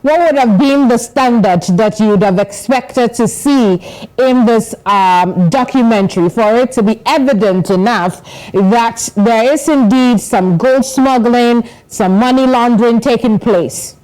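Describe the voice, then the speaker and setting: A woman news anchor interviewing a guest, asking measured, probing questions with a few hesitant fillers. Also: fairly high pitch, darkish tone, low-quality recording.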